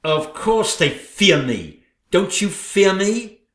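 A man playing a gloating wicked stepmother queen, slow and theatrical. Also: medium pitch, sing-song, reverberant. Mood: gloating, haughty. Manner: theatrical, gloating, drawn-out delivery. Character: scheming vain wicked stepmother queen, female.

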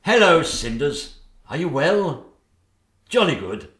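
Man playing a pompous, henpecked posh king, lively voice, roomy echo. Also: on the high side, takes it slowly, heavily acted. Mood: flustered. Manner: pompous and upper-class, easily cowed. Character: meek posh middle-aged king and father.

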